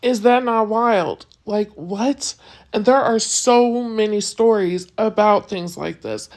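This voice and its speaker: A woman's voice: medium pitch, takes it slowly, a little mellow. A woman creator speaking casually and directly to her viewers, chatty and eager. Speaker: social video creator.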